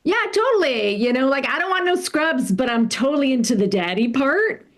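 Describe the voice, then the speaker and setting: High-voiced middle-aged lady doing standup, lively, talks to the crowd, giggles at her own jokes. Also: a little fast. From California. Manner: chatty, addresses the crowd, laughs at own jokes. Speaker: stand-up comedian. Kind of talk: stand-up comedy set.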